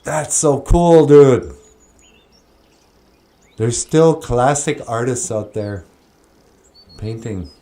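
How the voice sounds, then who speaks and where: A male host talks in a slow, unhurried way and reads out comments from viewers. His voice is mellow and soft-edged. He jokes and chuckles as he goes. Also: medium pitch. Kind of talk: casual livestream chat.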